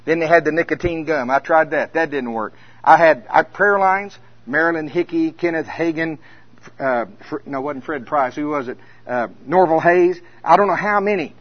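Husky preacher man, dull lo-fi sound. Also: fairly high pitch, normal speed, dry recording. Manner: storytelling, swings from hushed to loud. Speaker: minister. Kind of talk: conference sermon.

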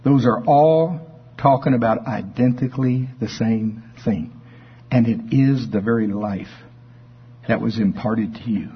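A male preacher delivering a sermon, telling folksy stories and bursting into shouts of praise. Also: mid-range voice, measured pace, husky, dull audio.

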